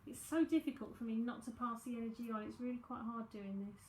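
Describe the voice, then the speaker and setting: A chatty woman in her forties with a South London accent, talking in a slightly high voice as she gives readings and answers questions. Her breezy, aside-filled talk rings out in a roomy, echoey space. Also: quick pace, slight background noise. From South London, England. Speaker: psychic medium and tarot reader. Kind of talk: live-streamed psychic reading and chat. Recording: echoey room.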